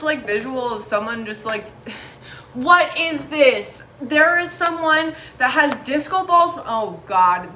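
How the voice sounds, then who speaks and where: A woman's voice: a little high, sharp tone, slight background noise. A woman giving a casual tarot reading, talking straight to viewers in a candid, chatty way with plenty of swearing. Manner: talks straight to viewers, encouraging. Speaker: tarot reader.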